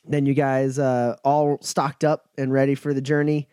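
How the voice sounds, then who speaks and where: A man narrating a tabletop game as game master, halting with many fillers. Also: mid-range voice, little pitch movement, dark tone, clean tone, no room sound, clean studio sound.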